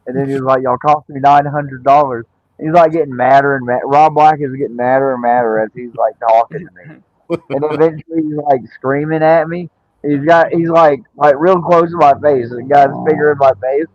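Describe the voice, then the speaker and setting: A man's voice: fairly high pitch, steady tone, a little fast, no echo, dull audio. Laid-back man telling wrestling stories. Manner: laid-back, heavy use of "like" fillers. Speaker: wrestler guest. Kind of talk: casual storytelling.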